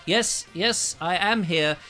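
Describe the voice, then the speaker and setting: A man's voice: sits high, very animated, brisk, over music. A British man hosting a comic live-stream chat, jokey and theatrical, slipping into silly voices and puns while greeting viewers on a lavalier mic. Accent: British English. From England. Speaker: live show host.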